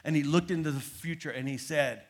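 A middle-aged man preaching a sermon, moving between loud, emphatic peaks and low, quiet asides. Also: a little fast. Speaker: pastor.

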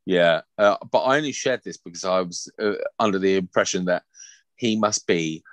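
A man's voice: low-pitched, moderate pace, no room sound. A man co-hosting a podcast, giggly and swearing casually. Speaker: podcast co-host. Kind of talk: casual comedic chat.

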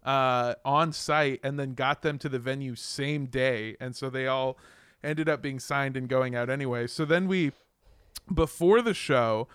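A young man guesting on a podcast chats casually in a mid-range, fairly even voice that's unhurried, fairly bright, clear, and resonant. He tells rambling anecdotes, laughs often, and swears casually, all captured in clean studio sound with no echo.

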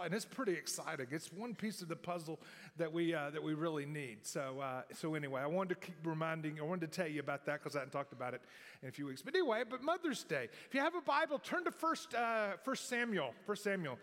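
High, bright-voiced male pastor in a hall. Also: animated, fairly quick. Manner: folksy, rambling, many restarts and fillers. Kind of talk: sermon. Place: church sanctuary. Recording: long hall reverb.

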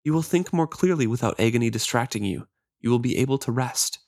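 A man's voice: medium pitch, animated, a little fast, vocal fry, a little mellow, no room sound, clean studio sound. A man reading as an earnest young healer. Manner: read aloud from a novel, lightly voiced.

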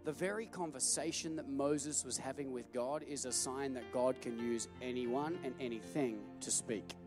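A man preaching a sermon in an animated, jokey way, calling for amens from the congregation. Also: medium pitch, normal speed, over music. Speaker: pastor.

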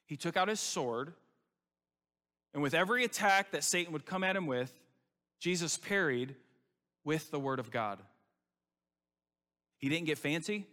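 A male pastor delivers a sermon in an emphatic, conversational style, often turning to his listeners with questions. His voice is bright and forceful and sits a little high for a man. A long reverb trails each phrase, as in a large sanctuary.

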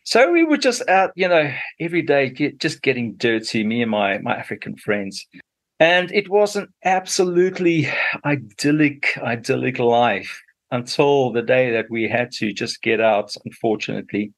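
A man's voice: medium pitch, animated, normal speed. A middle-aged man from Zambia with a Zambian accent, a radio interview guest telling his story unhurriedly with many fillers.

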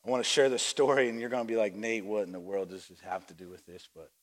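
A male pastor preaching a sermon. He acts out the voices of people in the story and swings between quiet reflection and loud, shouted exhortation. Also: fairly low pitch, fast talker. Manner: acts out voices of story characters and church members.

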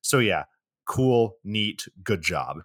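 A man co-hosting a podcast, recapping a movie in a deadpan, sarcastic way and swearing often. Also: on the low side, slow pace, dry recording, studio quality. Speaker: podcast co-host.

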